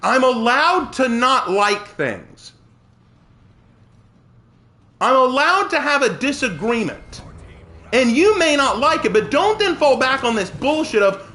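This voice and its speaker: A male streamer rants at his chat while he plays, heated and indignant. His voice sits high and leaps around in pitch as he pushes back at viewers by name. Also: sing-song, a little slow, pushed and bright. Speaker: streamer and writer. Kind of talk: live-stream rant to chat while gaming.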